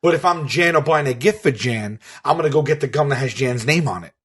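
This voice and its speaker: Husky guy on a podcast, rambling through a funny phone story, does little voices for both sides. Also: medium pitch, fast. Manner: animated storyteller who acts out both sides of a phone call. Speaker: podcast co-host. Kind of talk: casual storytelling chat.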